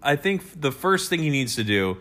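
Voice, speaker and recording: A man's voice: on the high side, big pitch swings, a little fast, fairly bright tone. A man co-hosting a casual advice chat, joking around and rambling, often breaking into laughs. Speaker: podcast co-host.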